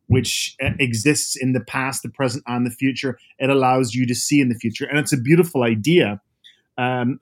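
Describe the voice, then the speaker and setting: A man in his fifties from Northern Ireland with a softened Northern Irish accent, chatting as a guest author over a video call and telling lively, animated stories. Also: mid-range voice. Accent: Northern Irish, softened by years abroad. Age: 50s. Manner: animated storyteller, lively asides.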